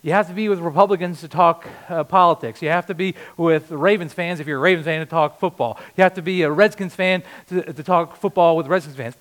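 A man preaches with a notably high voice. He swings between loud, punchy lines and quiet, earnest ones. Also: a little fast, hardly any pauses. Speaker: pastor. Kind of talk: sermon.

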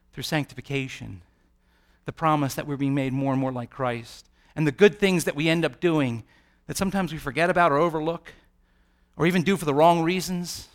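A man preaching a sermon, rising to loud peaks and dropping to quiet, hushed lines, sometimes acting out the voices he quotes. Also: high voice. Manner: dramatic swings from soft to loud.

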